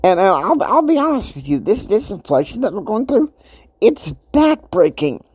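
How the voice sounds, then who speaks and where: A man in his fifties delivers a motivational podcast monologue with a lively, swooping pitch. He talks emphatically and preachily, dropping into quiet asides, then bursting out loud. The sound is dry and close, with no room in it. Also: moderate pace, husky, no echo. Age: 50s. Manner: emphatic, preachy, swings between soft asides and loud outbursts. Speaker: podcast host.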